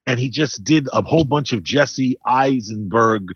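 A man co-hosting a casual movie review chat, measured and thinking aloud with fillers. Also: medium pitch, slightly rough, dry recording, muffled recording. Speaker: film critic co-host.

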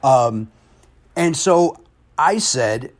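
A comedian and game show host telling a story in casual conversation, animated and self-deprecating. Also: male voice, mid-range voice, extremely slow.

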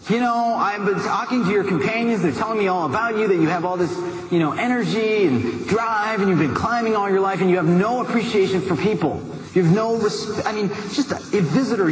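A man giving a motivational talk, telling a personal story in a lively, conversational way with asides to the listener. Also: high-pitched. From United States. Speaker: motivational speaker. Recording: echoey hall with background noise.

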